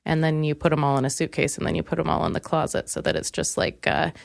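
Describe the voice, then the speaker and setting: A woman's voice: sits low, sing-song, quick pace, creaky, no echo, studio quality. Rambling, profane woman podcast host. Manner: rambling, candid, profane, many fillers and restarts. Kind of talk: comedic storytelling monologue.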